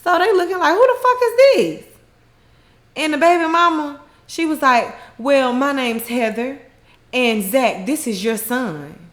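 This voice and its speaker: Woman, high lively voice, unhurried, laughing recap, echoey room. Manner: animated retelling with laughs and Southern slang. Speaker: recap host. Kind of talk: casual show recap.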